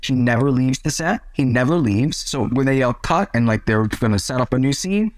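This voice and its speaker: A man, an actor, chatting as an interview guest and telling set stories with lively acted-out quotes. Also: medium pitch, normal speed, dry recording. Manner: lively storyteller, acts out quotes. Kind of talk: casual interview chat.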